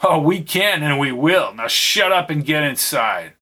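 A man's voice: fairly high pitch, expressive, a little slow, bright, forceful tone, husky, exaggerated voice. A man voicing a brutal, short-tempered henchman who barks orders in an audiobook reading. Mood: gruff. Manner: barking orders.

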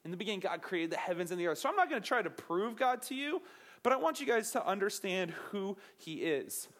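A young man giving an energetic, joking sermon as a pastor, asking the audience questions. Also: high voice, a little fast. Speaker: youth pastor.

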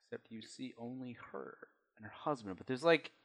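A man narrating a tabletop role-playing game as game master. His speech swings lively up and down at a middle pitch, and he tells the scene loosely, as if chatting with friends. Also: fairly quick. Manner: loose, conversational storytelling.

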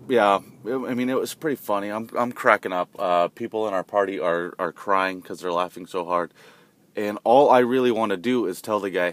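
Low-voiced man telling a rambling story. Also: moderate pace. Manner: rambling, conversational, lots of asides. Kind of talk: casual storytelling.

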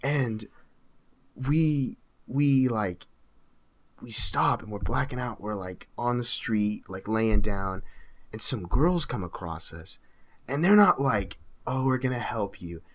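A man's voice: mid-range voice, animated, takes it slowly. A young man, a podcast co-host, animatedly telling a story in casual chat and quoting his friends.

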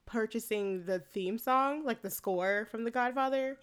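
A woman's voice: a little high, a little slow, clear, resonant tone. A woman in her late twenties, co-hosting a casual chat and recapping a film, laid-back, swearing freely and laughing often. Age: late 20s. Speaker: podcast co-host recapping a film.

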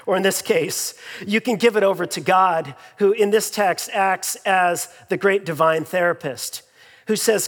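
A man's voice: high voice, measured pace, a bit bright. A man preaching a sermon as pastor, in a conversational way with fillers and repeated phrases, in a church sanctuary. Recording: long reverb in a large hall.

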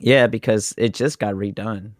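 A man's voice: fairly low pitch, steady tone, normal speed, dry recording. A man co-hosting a casual podcast, answering in a dry, matter-of-fact way. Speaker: podcast co-host. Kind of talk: casual chat.

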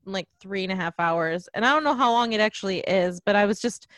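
A woman's voice: medium pitch, fairly quick, fairly bright tone, no echo. A woman co-hosting a podcast in casual chat, joking and wry as she talks. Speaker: podcast co-host.

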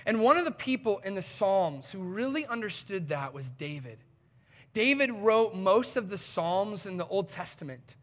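A male pastor preaching a sermon in an animated, conversational way with emphatic swings in delivery. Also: high-pitched, normal speed.

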